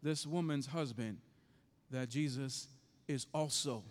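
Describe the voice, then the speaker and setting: A man's voice: mid-range voice, takes it slowly, long reverb tail. A man preaching as pastor, telling a story with passion and acting out the voices in it.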